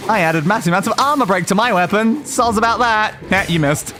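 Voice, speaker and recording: Guy streamer with a pretty high voice, goofy sing-song chanting while he plays, light game music behind. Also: fairly quick, few pauses, sharp tone. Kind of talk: casual gameplay commentary.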